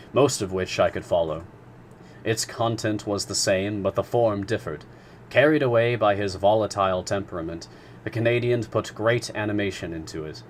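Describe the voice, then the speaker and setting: A man narrating a classic novel in a live reading, measured and expressive. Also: on the low side, a little hiss or hum. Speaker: storyteller.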